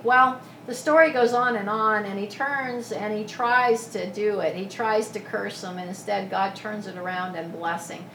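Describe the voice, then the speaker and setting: A woman preaching a sermon, retelling a scripture story in a lively, casual way with asides. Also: mid-range voice, a little slow, a little hiss or hum. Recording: echoey room from a distance.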